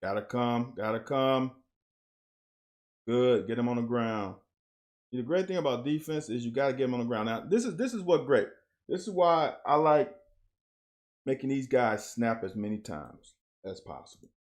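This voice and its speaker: A man with a drawl talks through game film like a coach in the room, blunt and plain-spoken. His voice sits at an everyday middle pitch. He grows animated when a play turns. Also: moderate pace, long pauses. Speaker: host breaking down game film. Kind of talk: casual football film commentary.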